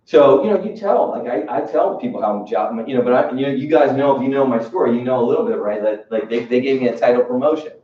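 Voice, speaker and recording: A man leading a sales team training, telling a story with lively energy, acting out his bosses and swearing casually now and then. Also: mid-range voice, fast talker, hardly any pauses. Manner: animated storyteller acting out bosses, laughing, street-talk swearing. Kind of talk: motivational training talk. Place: training room with audience. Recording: roomy, distant, muffled room recording with background noise.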